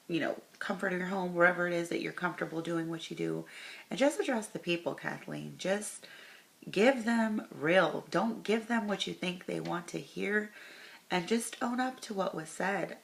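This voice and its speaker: Low gravelly woman vlogger. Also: sharp tone. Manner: talks straight to camera, stops herself and corrects course. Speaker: commentary vlogger. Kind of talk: casual commentary, reading tweets aloud.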